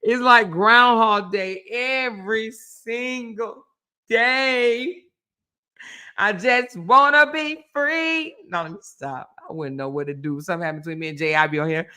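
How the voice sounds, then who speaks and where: A woman hosts a casual livestream with a bright, forward voice. She talks to her viewers in an animated, teasing way, reading their comments back and joking with them. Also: medium pitch, a little slow, smooth. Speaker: livestream host. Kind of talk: casual chat with live viewers.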